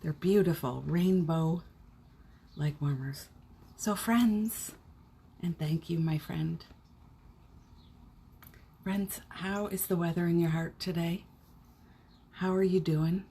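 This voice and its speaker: Husky-voiced woman hosting a cozy live stream. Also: on the low side, takes it slowly, pauses often, mellow. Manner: cheerful, chatty, greets viewers by name. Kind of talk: casual live stream chat greeting viewers. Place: home indoors.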